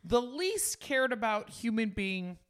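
A woman's voice: a little high, big pitch swings, slow pace. A woman co-hosting a podcast in casual chat, tipsy from drinking, talking bluntly and with profanity. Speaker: podcast co-host.

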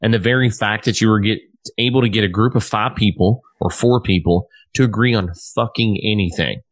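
A man with a lowish voice hosts a loose podcast conversation. He rambles, swears freely and restarts his sentences often. The sound is dry, with no room echo. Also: brisk. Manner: rambling and profane, with many restarts. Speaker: podcast host, musician. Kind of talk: casual chat.

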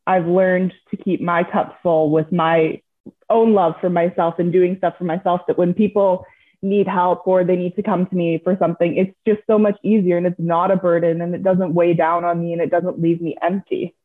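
A woman's voice: on the low side, level tone, normal speed. A woman guest in a casual interview, a coaching client who talks in an earnest, upbeat way and laughs easily. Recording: tinny call line.

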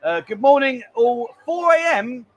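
A man's voice: very high-pitched, expressive, a little slow. A man hosting a live stream from a busy bar, chatting and joking as he reads out viewer messages. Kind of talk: casual live stream chat.

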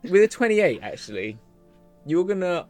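A man's voice: sits high, sing-song, moderate pace, music in the background. A man running a tabletop game as dungeon master, describing scenes in a rambling, think-aloud way.

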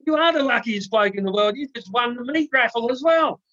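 A man's voice: very high voice, lively intonation, fairly quick, pushed and bright, muffled recording, voice pushed up, full character voice. A man voicing an amazed, cheery male pub manager in a joke.

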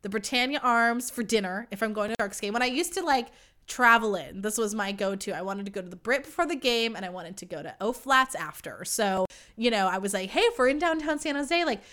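A woman's voice: mid-range voice, fairly quick, pushed and bright. A young woman hosting a podcast, telling a story in a chatty, casual way, full of "like" and swearing. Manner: chatty, swearing, heavy use of "like". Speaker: podcast host.

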